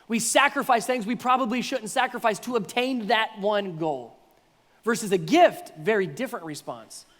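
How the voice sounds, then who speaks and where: Male pastor, high-pitched, animated sermon delivery, reverberant sanctuary. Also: normal speed. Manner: animated, acts out voices of congregants with playful exaggeration. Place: church sanctuary.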